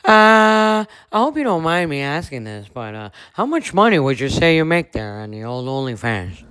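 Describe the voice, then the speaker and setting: A woman's voice: deep voice, sing-song, normal speed, a bit bright, clean tone, no room sound, pitched above the performer's own voice, low-quality recording. A woman voicing an awkward young man who hesitantly asks a nosy question. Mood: prying.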